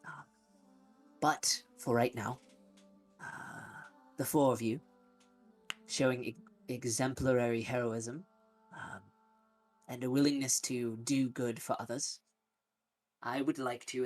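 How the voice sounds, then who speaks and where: A man narrating as game master of a tabletop game, often pausing with ums, with faint music behind. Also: medium pitch, fairly even intonation. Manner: hesitant, many ums.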